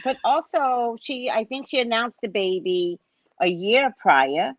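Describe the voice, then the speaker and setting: A woman hosting a casual chat over a video call, telling stories in an animated way and acting out what others said. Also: a little high, measured pace, dry recording, lo-fi sound. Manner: animated storyteller who acts out quotes. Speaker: host, psychic reader.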